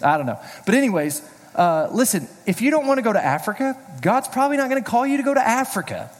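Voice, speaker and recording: A middle-aged pastor giving a casual, joking sermon, telling personal stories in a chatty way. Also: male voice, very high-pitched, big pitch swings, fast talker. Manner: chatty, storytelling, self-deprecating jokes. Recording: reverberant hall.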